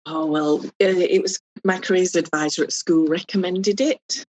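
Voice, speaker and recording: Animated woman telling stories. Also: on the low side, normal speed, slight background noise, rough recording. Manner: animated, humorous, acts out voices in anecdotes. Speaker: guest foot reader. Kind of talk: casual storytelling interview.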